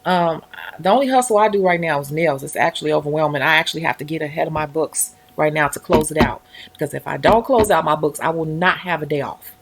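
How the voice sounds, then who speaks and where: A woman's voice: low voice, quick pace, a little hiss or hum. A woman talking casually on her own livestream about life as a nail technician. She tells her stories with animation and acts out other people's voices along the way.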